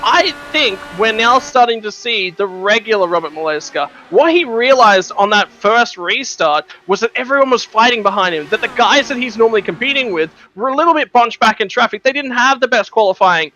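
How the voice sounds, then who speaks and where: A man's voice: high-pitched, expressive, a little fast, few pauses, sharp tone, a little hiss or hum, poor audio. A man giving color commentary on an online race broadcast, chatty and full of "look" and "you know". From Australia. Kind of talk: sim racing commentary.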